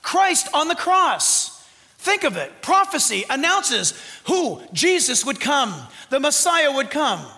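A fervent man preaching to his church, his voice very high and bright. He is loud and exuberant, tosses in jokes, and his words ring through a long reverberant hall. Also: very animated, takes it slowly. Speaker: pastor. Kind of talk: sermon. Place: church sanctuary.

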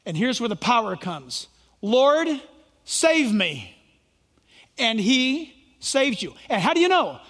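A man's voice: very high-pitched, very animated, slow pace, a bit bright. A male pastor preaching a sermon in an emphatic, preacherly way, acting out imagined voices. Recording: long hall reverb.

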